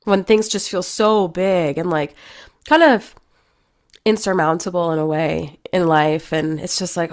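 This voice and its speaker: Woman, fairly low voice, heartfelt interview host, effusive. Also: normal speed. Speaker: podcast host. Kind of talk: interview conversation.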